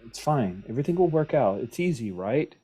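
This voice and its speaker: A man's voice: mid-range voice, big pitch swings, mellow, slightly rough, soft background music, voice pushed up. A man doing a flustered young employee. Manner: nervous, rushed, over-assuring.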